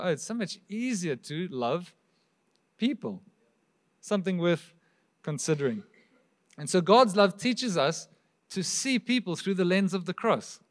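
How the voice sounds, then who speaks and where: A man preaching a sermon as pastor, with a South African accent, talking to the congregation in an easy, conversational way and throwing out rhetorical questions. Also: on the high side. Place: church hall.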